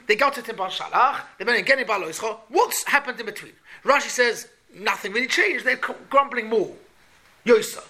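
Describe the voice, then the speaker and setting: Torah teacher, man, high and bright, animated questioning lesson. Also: slight background noise. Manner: questioning, animated, repeats points. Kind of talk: Talmud class for boys.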